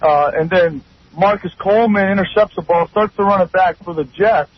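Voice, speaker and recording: A man excitedly recapping a football game on talk radio. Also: high voice, moderate pace. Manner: excited storytelling. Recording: dull lo-fi radio broadcast.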